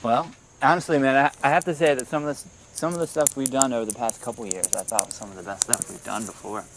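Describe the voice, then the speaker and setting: A young man in casual conversation, thinking aloud in halting, rambling sentences full of restarts. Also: mid-range voice, fairly even intonation, a little hiss or hum. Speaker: podcast co-host, musician. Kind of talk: casual phone chat.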